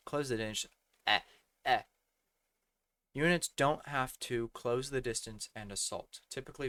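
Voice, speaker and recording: A man's voice: medium pitch, fairly bright tone. A young man reading slides aloud for a gaming tutorial, often tripping over words and correcting himself, his voice a bit worn. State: losing his voice. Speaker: gaming community tutorial presenter.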